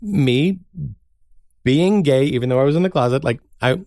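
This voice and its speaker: A man's voice: medium pitch, lively intonation, moderate pace, a little mellow, no echo, clean studio sound. A man, a guest playwright and actor, telling stories in casual chat, acting out quotes from his family and laughing often.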